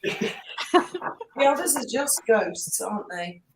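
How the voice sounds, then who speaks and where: A woman's voice: mid-range voice, expressive, reverberant, noisy background. A woman co-hosting a casual live chat, teasing and questioning the others. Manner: teasing, quick to laugh, questioning.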